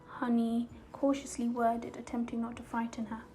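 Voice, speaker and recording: Female storyteller, calm scripted narration, fairly high voice, soft music bed. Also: normal speed, hardly any pauses, poor audio. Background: soft background music.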